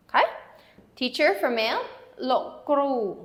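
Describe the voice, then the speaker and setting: Woman teaching slowly with careful repetition. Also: medium pitch, lively intonation. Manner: slow, careful repetition of words; writes on a board while explaining. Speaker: language teacher. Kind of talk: language lesson.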